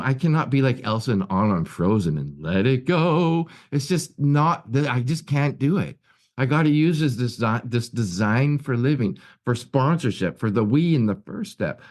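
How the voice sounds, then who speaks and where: A man's voice: medium pitch, darkish tone. A man giving an earnest personal recovery share at a meeting, telling stories with many restarts and repeated words. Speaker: guest speaker at a recovery meeting. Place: his office at work.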